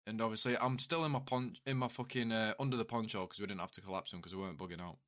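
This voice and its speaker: A man's voice: lowish voice, racing, fairly bright tone. A young man co-hosting a podcast, telling army stories with crude jokes in a laid-back way. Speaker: podcast co-host. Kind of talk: casual army stories chat.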